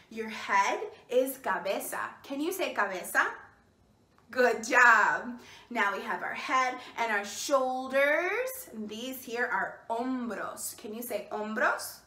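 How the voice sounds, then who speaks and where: Cheerful high-voiced woman reading to kids. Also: bright, forceful tone, echoey room. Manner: cheerful, encouraging, prompts children to repeat words. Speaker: children's storytime host. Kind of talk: bilingual children's storytime. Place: indoors, seated.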